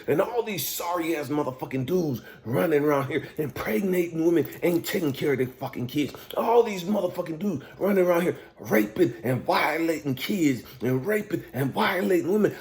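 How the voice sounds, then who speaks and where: A man giving an emotional spoken monologue as a life coach, heavily profane and intense, swinging from loud outbursts to near whispers. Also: fairly high pitch.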